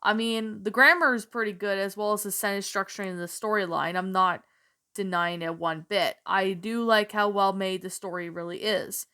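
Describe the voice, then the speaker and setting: A woman with a bright, crisp voice talks through her opinion of a story in a casual, rambling way. She hesitates often and keeps softening her own points. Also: medium pitch, steady tone, moderate pace. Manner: meandering, hesitant, self-qualifying. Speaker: channel host reviewing a story. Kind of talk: casual spoken review.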